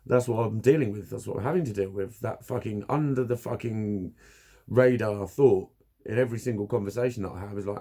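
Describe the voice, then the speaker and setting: A man's voice: medium pitch, expressive, fast talker, mellow. A man talking candidly to camera about his therapy, blunt and swearing constantly, laughing at himself now and then. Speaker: vlogger. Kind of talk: candid personal talk to camera.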